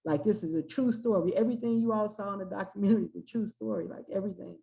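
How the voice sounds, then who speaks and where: A woman rapper in her forties, speaking slowly and thoughtfully as an interview guest. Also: medium pitch, vocal fry, dark tone, rough recording. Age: 40s. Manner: measured and reflective, halting. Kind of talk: casual interview.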